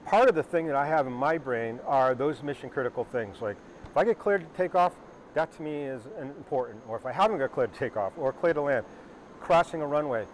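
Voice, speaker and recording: A man's voice: medium pitch, expressive, fairly quick, slight background noise. Chatty man hosting a pilot live stream. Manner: conversational, rambling with fillers and asides. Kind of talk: casual live stream chat. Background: helicopter starting up nearby.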